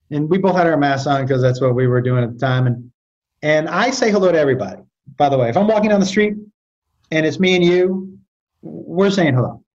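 Guy rambling through a story, lots of stops and restarts, kinda muffled sound. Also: on the high side. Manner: animated, trailing restarts and stammers. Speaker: podcast guest. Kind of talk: storytelling in casual chat.

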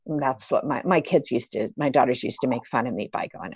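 A middle-aged woman, a yoga therapist, explaining breathing work in a relaxed interview, with many restarts and fillers. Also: extremely low pitch, a little fast, husky, no echo. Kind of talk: conversational interview.

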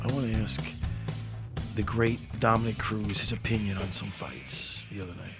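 A man's voice: on the low side, fairly even intonation, moderate pace, vocal fry, over music. A man hosting a podcast, chatting casually and rambling with self-deprecating jokes and swearing. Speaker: podcast host. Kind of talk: casual interview chat.

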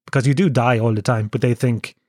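A man's voice: medium pitch, fairly even intonation, brisk, a little mellow, dry recording, studio quality. A sick, worn-out Irish man hosting his own podcast, rambling in a self-deprecating, sweary way. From Ireland. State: ill and worn out. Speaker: podcast host. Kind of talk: casual solo podcast monologue.

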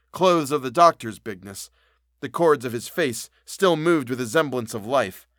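A man reads a classic novel aloud in a measured, solemn manner, his voice sitting at an ordinary middle pitch. The recording is dry and close, with no room sound around it. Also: a bit bright, no echo. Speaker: narrator. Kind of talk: audiobook reading of a classic novel.

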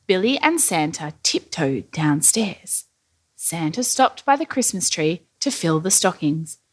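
A woman narrating a children's story aloud in an animated, playful storyteller manner. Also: lowish voice. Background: faint music.

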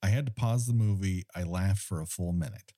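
A man's voice: low voice, a little fast, warm tone, no echo, clean studio sound. A man co-hosting a podcast in casual chat, ranting with wry, mock-indignant humor. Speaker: podcast co-host.

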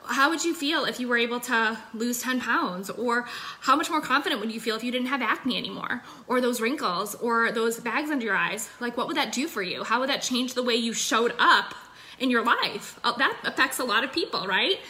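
A woman's voice: a little high, expressive, moderate pace, pushed and bright. A young adult woman giving a chatty, upbeat sales coaching talk into her phone, full of fillers. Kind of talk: casual livestream coaching talk.

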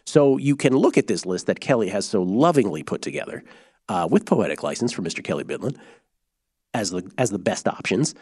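Lively-voiced man hosting a betting podcast. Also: lowish voice, breathy edge, no echo, clean studio sound. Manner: animated, explanatory, quick asides. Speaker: sports betting podcast host. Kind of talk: casual sports betting talk.

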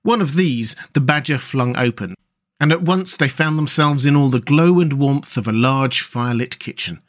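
A man hosting a story podcast and narrating a classic children's novel in a measured, gentle read-aloud manner. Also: mid-range voice. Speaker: host and storyteller.

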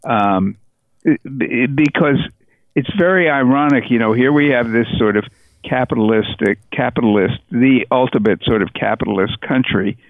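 A man talks through his ideas as a podcast guest, pausing and restarting as he searches for the words. His voice comes over a tinny, phone-like connection. The sound is dry and close, with no room echo. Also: mid-range voice. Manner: thoughtful, halting, many restarts. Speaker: author, interview guest. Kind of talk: podcast interview.

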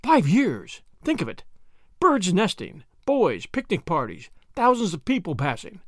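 Guy reading as a nervy young english fella, clipped and anxious, kinda high voice, dry close sound. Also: huge pitch swings, unhurried, no room sound, full character voice. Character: earnest young Englishman, uneasy and doubtful.

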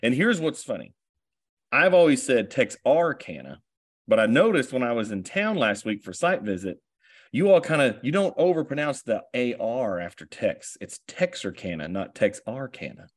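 A man's voice: medium pitch, sing-song, moderate pace. A man hosting an interview podcast, chatty and rambling, with many fillers and restarts. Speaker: podcast host.

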